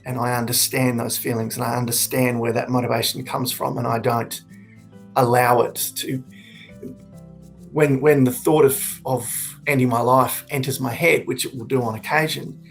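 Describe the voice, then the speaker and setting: Gravelly man in his forties, earnest. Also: medium pitch, little pitch movement, faint music behind. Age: 40s. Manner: reflective, earnest, halting with restarts. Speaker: suicide prevention speaker. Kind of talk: candid personal testimony.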